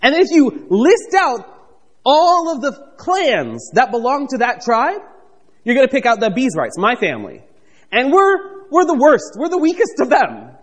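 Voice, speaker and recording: A man preaching a conversational, animated sermon, reading scripture and acting out the characters with playful asides. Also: very high-pitched, measured pace, breathy edge, long reverb tail. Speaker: pastor.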